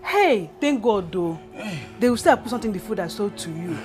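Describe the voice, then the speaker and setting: An actress with a Nigerian English accent playing a fussing, apologetic canteen owner who keeps saying sorry. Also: female voice, mid-range voice, animated, fairly quick, close to an everyday voice. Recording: film audio with loud music under.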